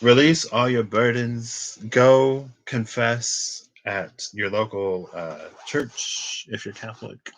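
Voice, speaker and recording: A man's voice: medium pitch, fairly even intonation, slow pace, few pauses, low-quality recording. A man in his twenties giving a casual tarot reading, chatty and rambling off into tangents. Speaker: tarot reader.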